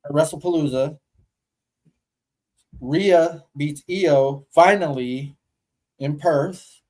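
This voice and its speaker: Animated man chatting casually. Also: on the high side, takes it slowly, poor audio. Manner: animated storytelling, casual swearing. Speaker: podcast co-host. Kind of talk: casual chat.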